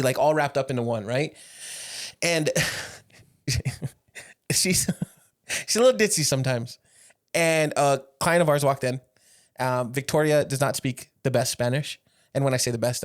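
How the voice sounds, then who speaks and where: A young man co-hosting a podcast, telling stories in a casual, animated way, teasing his friend and laughing a lot. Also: mid-range voice. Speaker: podcast co-host and business owner. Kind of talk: casual chat.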